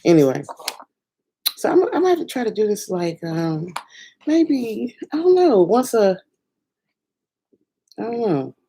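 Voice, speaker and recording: A woman chatting excitedly on her first livestream from home at night, rambling and laughing, with sudden bursts of squealing joy. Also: medium pitch, a little slow, long pauses, slight background noise, low-quality recording. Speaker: filmmaker and singer doing her first livestream. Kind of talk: casual excited livestream chat.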